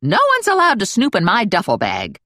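A woman voicing a spry, stubborn grandmother in her seventies, speaking slowly and indignantly in a raised voice. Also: mid-range voice, huge pitch swings, bright, forceful tone, no echo, studio quality, pitched above the performer's own voice, heavily acted. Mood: feisty.

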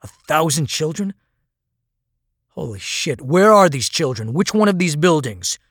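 A gruff, decisive army captain barks loud, clipped orders, voiced by a man reading a story aloud. The recording is dry and close. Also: medium pitch, a little slow, no room sound. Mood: alarmed.

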